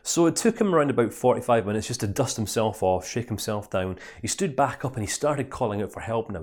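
A man, a life coach, telling a parable in an animated, conversational lesson. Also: mid-range voice. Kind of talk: storytelling lesson.

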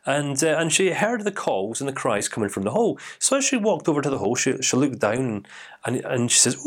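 A man who works as a life coach, telling a parable in an animated, dramatic way with frequent restarts. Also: mid-range voice, fairly quick, breathy edge. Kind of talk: storytelling to camera.

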